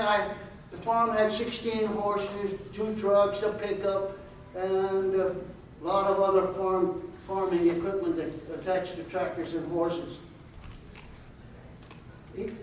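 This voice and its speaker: An elderly man in his eighties tells his life story to a college audience, earnest and fond of repeated rhetorical questions. His voice sits high for a man. He is picked up from a distance in a very echoey auditorium, with a faint noise underneath. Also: darkish tone. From United States. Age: 80s. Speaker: guest speaker. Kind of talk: personal storytelling talk.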